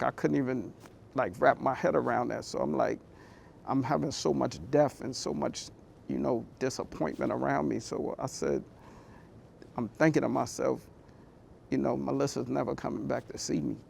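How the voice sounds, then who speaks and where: Gravelly-voiced man telling his story. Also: mid-range voice, darkish tone, a little hiss or hum. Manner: candid, conversational, heartfelt. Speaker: motivational speaker. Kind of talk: personal storytelling talk.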